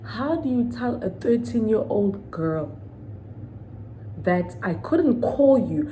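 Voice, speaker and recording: A woman's voice: medium pitch, sing-song, slow pace, dark tone, slight background noise, rough recording. A woman in her thirties venting to the camera in a storytime vlog, indignant and emphatic, repeating her points and asking viewers to weigh in. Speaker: vlogger.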